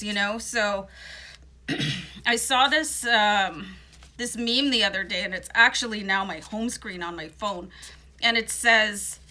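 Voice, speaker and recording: A woman's voice: mid-range voice, pushed and bright. A woman with a morning voice giving a casual, chatty tarot card reading, reassuring and full of fillers. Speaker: tarot reader.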